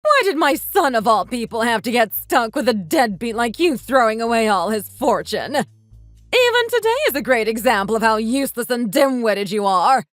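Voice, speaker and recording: A woman's voice: very animated, moderate pace, fairly bright tone, no echo, clean studio sound, faint music behind. A woman voicing a scolding mother-in-law. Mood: scornful. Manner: shrill, scolding and insulting. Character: bossy scornful sixty-year-old mother-in-law. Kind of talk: texting story voice acting.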